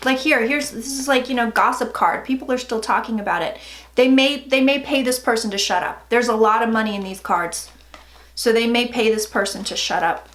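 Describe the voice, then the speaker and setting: A woman's voice: fairly high pitch, a little fast, a bit bright. A woman in her forties giving a casual tarot reading, chatty and blunt, swearing freely. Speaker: psychic tarot reader. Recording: echoey room with faint noise.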